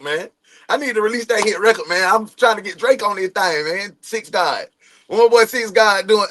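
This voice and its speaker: A man's voice: high-pitched, normal speed, sharp tone. A man in his forties hosting a casual livestream, greeting viewers by name and giving loose, slangy motivational talk. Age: 40s. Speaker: livestream host.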